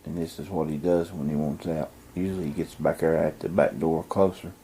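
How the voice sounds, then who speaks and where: A man vlogging casually with a camcorder, chatting to his dogs and hushing his voice indoors. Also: very deep voice, fairly even intonation, brisk, a little hiss or hum. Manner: talks to his dogs in a coaxing voice, drops to a hush indoors. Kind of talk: casual vlog narration to camera. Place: house indoors, then backyard outdoors. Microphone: handheld camcorder mic.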